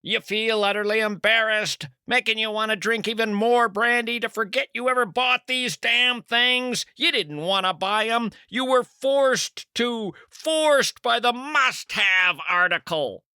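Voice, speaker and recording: Host, middle-aged male, wry deadpan monologue, bright edgy tone, occasional bursts. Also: extremely high pitch, measured pace, few pauses, clean tone, no echo, clean studio sound. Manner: wry, deadpan musing with sudden loud outbursts. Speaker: radio host. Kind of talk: comic monologue.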